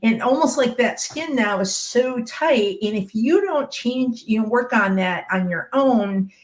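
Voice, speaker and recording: A woman's voice: a little high, expressive, a little slow. A woman who is a shamanic medium, explaining teachings on a podcast panel with plenty of everyday examples.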